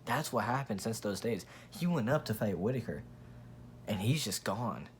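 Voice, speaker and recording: A man's voice: on the low side, lively intonation, moderate pace, slight background noise. A man hosting his own channel, giving a blunt, profane, rambling casual opinion rant with frequent restarts. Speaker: MMA commentary channel host.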